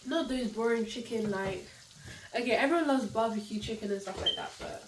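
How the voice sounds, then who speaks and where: A woman's voice: fairly high pitch, expressive, a little fast, background noise. A young woman with a cold, chatting casually through a home cooking vlog, talking in scattered bursts with fillers and self-corrections. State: has a cold. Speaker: cooking vlogger. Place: home kitchen with frying food.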